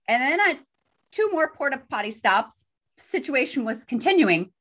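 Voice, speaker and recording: Chatty woman telling an animated story. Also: fairly high pitch, moderate pace, long pauses. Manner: animated storyteller, self-deprecating. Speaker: podcast co-host. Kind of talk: casual chat.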